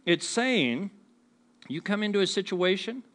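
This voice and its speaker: A man with a higher-than-usual voice delivers a sermon to a live congregation. He keeps it conversational and joking, often asking the room questions. He slips into quoted voices to act out how people talk to each other. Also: expressive, a little slow, fairly bright tone. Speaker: pastor. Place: church before a congregation.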